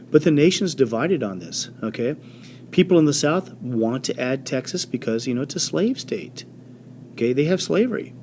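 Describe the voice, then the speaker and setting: A man teaching a history lesson in an animated storytelling way, with many fillers and quick voiced quotes. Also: medium pitch, slight background noise. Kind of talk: classroom history lecture.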